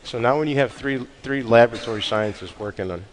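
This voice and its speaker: A man's voice: mid-range voice, brisk, poor audio. A man who makes cigars, chatting casually and telling blunt, profane stories about his business. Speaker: cigar maker. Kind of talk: casual chat.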